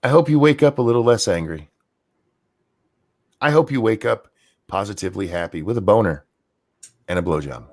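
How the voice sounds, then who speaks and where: A man's voice: lowish voice, expressive, fairly quick, long pauses. A tipsy man hosting a casual stream chat, crude and rambling, teasing his co-host and reading chat. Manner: crude, rambling, teasing, drinking while talking. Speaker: show host.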